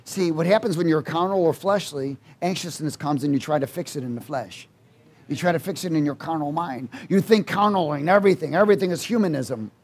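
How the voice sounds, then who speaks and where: High-voiced man preaching call-and-response. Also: fairly quick, slightly rough. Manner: swings between loud exhortation and quiet asides. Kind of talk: sermon.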